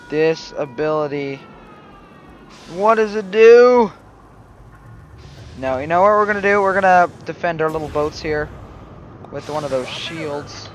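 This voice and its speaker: This is a man doing let's play commentary, his voice sitting somewhat high for a man. He talks excitably, drops into quiet grumbling and then breaks into sudden shouts. A faint background hiss runs under the recording. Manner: excitable, swings between mumbling and sudden yells. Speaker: gaming channel host.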